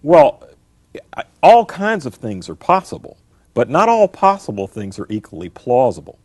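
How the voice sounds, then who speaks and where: A man's voice: mid-range voice, huge pitch swings, normal speed, darkish tone, no echo. A middle-aged man, a scholar answering interview questions in an emphatic, lecturing way, repeating his key phrases. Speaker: guest scholar.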